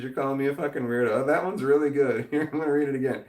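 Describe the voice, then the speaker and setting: A man's voice: mid-range voice, steady tone, fast, hardly any pauses, a little mellow. A man hosting a casual livestream, reading chat aloud, rambling, swearing often and laughing a lot. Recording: roomy echo.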